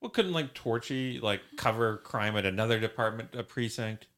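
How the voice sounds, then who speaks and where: A man's voice: lowish voice, normal speed, a bit bright. Dry-humored man podcast co-host. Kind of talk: casual film discussion podcast.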